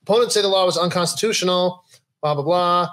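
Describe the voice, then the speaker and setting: A man's voice: high voice, fast, fairly bright tone, slight background noise, poor audio. Easygoing man hosting a casual chat. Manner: easygoing, laughs often, trails off with fillers. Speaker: podcast host. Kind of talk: casual chat, reading news aloud.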